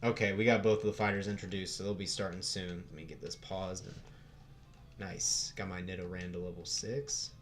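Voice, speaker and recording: Young man, Western American accent, relaxed streamer chat, lowish voice, faint music under. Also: moderate pace. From United States. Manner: laid-back, swears casually, chuckles often. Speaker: livestream host. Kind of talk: casual livestream chat.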